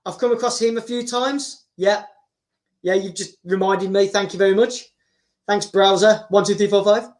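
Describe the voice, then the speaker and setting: A man, a YouTuber, chatting casually on a livestream, rambling with many fillers. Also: sits high.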